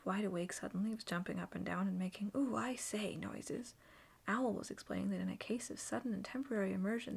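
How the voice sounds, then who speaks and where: A woman narrates a children's story in whispered role-play. Her voice is husky and breathy with a gravelly edge. She reads softly and slowly. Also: mid-range voice. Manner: soft, slow whispered reading.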